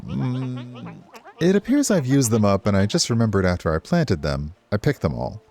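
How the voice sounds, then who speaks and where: A man's voice: mid-range voice, sing-song, moderate pace, creaky, darkish tone, faint music behind, voice pushed up. A man voicing an elderly, courteous male town mayor in a cosy video game, with old-fashioned politeness. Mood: genteel.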